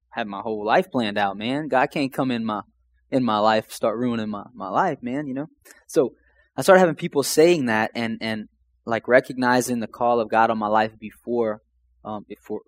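A young man from Louisiana casually telling his faith testimony, rambling and emotional, full of "man" and "like". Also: on the low side. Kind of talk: casual personal storytelling.

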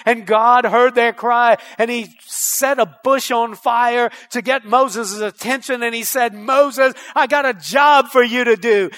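A male pastor preaching a fervent sermon, firing rhetorical questions at the congregation and rising to loud declarations. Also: very high-pitched.

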